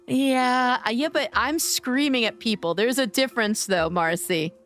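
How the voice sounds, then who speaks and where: A woman's voice: a little high, fairly bright tone. A woman streaming a game live, chatting and teasing her viewers by name, her voice worn from days of streaming. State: losing her voice. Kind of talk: casual live-stream chat.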